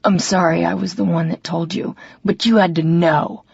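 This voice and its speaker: A woman's voice: fairly low pitch, fairly even intonation, moderate pace, creaky, darkish tone, breathy edge, no echo, lo-fi sound, heavily acted. A woman voicing a drunk, blunt young man who resents the heroine, in an audiobook. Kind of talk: audiobook character voice.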